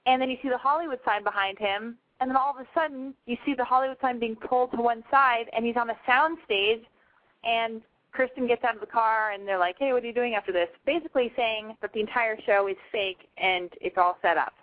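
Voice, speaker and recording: A woman hosting a call-in show, blunt, profane and excitable in casual chat. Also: on the high side, fairly quick. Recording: tinny phone-like sound.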